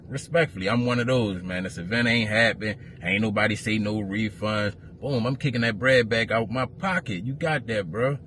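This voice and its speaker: A man, an event promoter telling a story to camera as a profane, heated rant that grows louder. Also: on the low side, moderate pace, few pauses, slight background noise.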